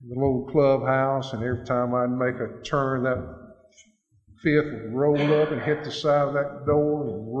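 A man's voice: mid-range voice, darkish tone. A man giving an earnest, plain-spoken personal testimony at a recovery meeting. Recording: echoey hall, dull lo-fi sound.

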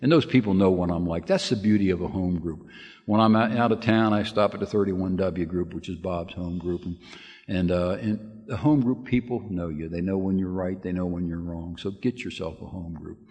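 A man's voice: deep voice, normal speed, a little mellow, muffled recording. An older man giving a lead at a recovery meeting, a folksy storyteller who laughs and restarts his sentences often. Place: meeting room with audience. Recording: hall with long reverb.

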